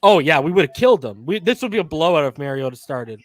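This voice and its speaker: A man hosting a live football stream, chatting casually and excitedly and shouting out viewers by name. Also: fairly high pitch, fast, no echo.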